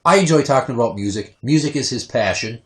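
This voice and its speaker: Young male podcast host; profane, lively storyteller who breaks into loud outbursts. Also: mid-range voice, quick pace. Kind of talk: casual podcast chat.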